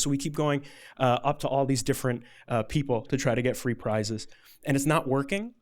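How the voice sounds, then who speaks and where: A man's voice: mid-range voice, fast. A male storyteller performing a true story for a live audience, with a middle-range voice. His telling is loose and conversational, and he leans on "like" and small restarts as he goes. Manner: casual, chatty, many "like" fillers.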